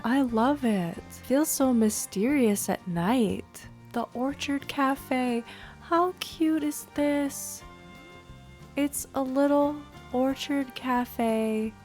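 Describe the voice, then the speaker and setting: A woman giving casual, gushing commentary on a video game, often clearing her throat and sniffing. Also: high-pitched. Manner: gushing, excitable, frequent exclamations. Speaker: gaming video host.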